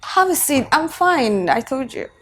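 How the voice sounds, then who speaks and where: An actress with a Nigerian accent playing a frightened young wife who is crying and talks brokenly. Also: female voice, sits high, sing-song, a little slow, fairly bright tone, a little hiss or hum, full character voice. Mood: evasive.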